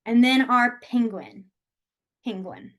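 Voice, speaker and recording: Lady teaching signs over zoom, chatty, kinda high voice, laughs a lot, small room. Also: lively intonation, slow. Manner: chatty, explains step by step, laughs often. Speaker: sign language teacher. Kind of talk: online class teaching. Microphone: video call.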